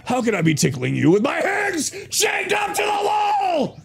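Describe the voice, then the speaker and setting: A grumpy, scornful man with a lively voice, as a game master puts him on. He barks insults, in a tabletop game. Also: a little high, extremely slow, creaky, loud music behind the voice, a loud crowd, heavily acted.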